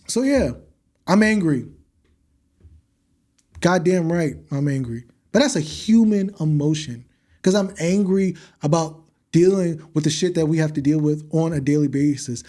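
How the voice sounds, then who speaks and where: A man's voice: on the high side, mellow. Impassioned man ranting on a podcast. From United States. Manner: blunt, heated and profane, with emphatic repetition. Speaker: podcast host.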